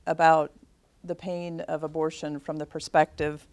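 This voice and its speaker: A woman guest speaker giving measured opening remarks to a group. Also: low voice, level tone, a little mellow, no echo.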